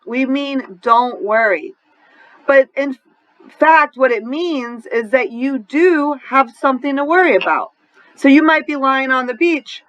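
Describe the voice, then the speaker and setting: A woman's voice: high voice, fairly bright tone, no echo, dull audio. A woman with a New Orleans accent teaching an adult English class, explaining grammar patiently and often checking in with "right?". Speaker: ESL teacher.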